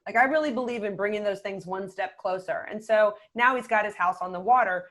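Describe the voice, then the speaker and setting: A middle-aged woman speaking as a podcast guest, a communication coach who talks in a calm, measured way and often drops to a quiet voice. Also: mid-range voice. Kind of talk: conversational podcast interview.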